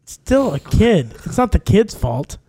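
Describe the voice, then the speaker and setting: A man's voice: high-pitched, big pitch swings, dark tone, breathy edge. A man co-hosting a podcast in casual chat, teasing his friend and laughing often. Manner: teasing, laughs often, quick bursts when worked up. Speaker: podcast co-host.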